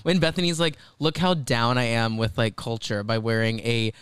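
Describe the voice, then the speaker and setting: A man co-hosting a casual chat from his apartment, animated and laughing, slipping into impressions. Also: medium pitch, moderate pace, smooth, dry recording. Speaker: podcast co-host.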